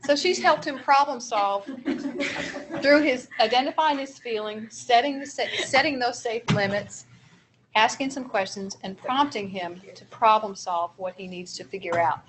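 An early childhood trainer with a fairly high voice presents a seminar on guiding young children's behavior, speaking at a moderate pace. She explains each strategy patiently and encouragingly, talking through examples for practice. A faint room hum sits underneath.

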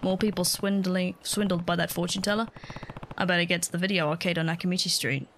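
Game hero, male, middle-aged, stoic and gruff; woman doing him in a low, blunt, measured voice. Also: fairly even intonation, slight background noise, natural voice. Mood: stern.

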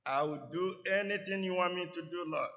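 A preacher playing a desperate man clinging to a cliff branch and yelling frantic pleas for help, in an echoey church hall. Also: high voice, normal speed, dull audio, voice pushed up. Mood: pleading.

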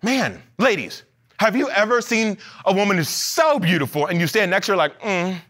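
A man preaching a sermon as pastor in a church, animated, with playful asides and acted-out quotes. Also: high-pitched, normal speed, slightly rough. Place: church sanctuary.

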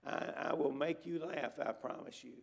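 Gravelly, exhorting man preaching. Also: on the high side, moderate pace. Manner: exhorting, repeats words for emphasis. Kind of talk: emphatic revival sermon. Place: church sanctuary at a conference.

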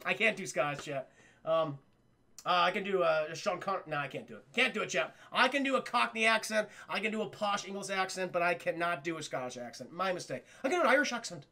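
A man's voice: high voice, expressive, fast, bright, forceful tone. A man giving a casual live-stream cartoon review, rambling, swearing and acting out scenes for chat. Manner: profane, rambling, talks to chat; acts out scenes in voices.

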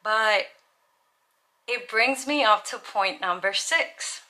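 Chatty, bright-voiced young woman vlogger. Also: a little high, slow pace. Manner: chatty, earnest, lots of "like". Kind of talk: casual vlog monologue.

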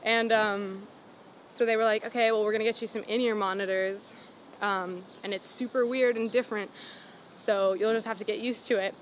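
A woman's voice: mid-range voice, fairly even intonation, normal speed. A singer in her twenties telling a story in a casual interview outdoors, with lots of "like" fillers and frequent laughs. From Los Angeles. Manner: chatty, many "like" fillers, laughs often. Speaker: singer-songwriter guest. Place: outdoors on a city sidewalk. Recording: street noise behind.

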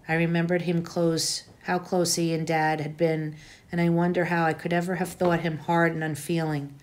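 Female teacher, lower register, reading a novel aloud to students in a plain, even delivery.

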